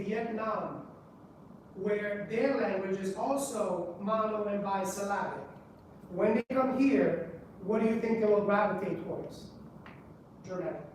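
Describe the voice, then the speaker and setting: A man with a high voice, steady in tone and moderate in pace, gives a conference presentation to a live audience in a public library meeting room. He keeps listeners engaged by quizzing them with rhetorical questions and frequent "right?" checks. The room echoes, his voice sounds distant, and there's background noise.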